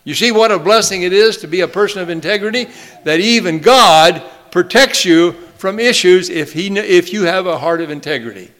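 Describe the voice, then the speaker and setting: A man's voice: high-pitched, fairly bright tone. A man preaching a sermon, quoting scripture in old-fashioned phrasing and drawing out phrases for emphasis as he leads the congregation in repeating a line. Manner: drawn-out emphatic phrases, leads call-and-response.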